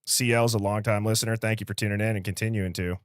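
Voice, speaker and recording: A man's voice: lowish voice, fairly even intonation, dry recording, clean studio sound. A man with a Midwestern accent hosting a livestream, casually greeting viewers and reading comments in an upbeat, chatty way. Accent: American Midwest. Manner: upbeat, chatty, quick shout-outs with light laughs. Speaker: livestream host.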